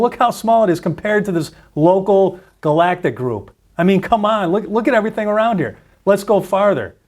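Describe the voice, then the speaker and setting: Man, host, animated explainer, higher voice, repeats himself. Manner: animated, repeats and restarts, gets worked up. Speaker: trading channel host. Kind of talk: excited screen-share explainer.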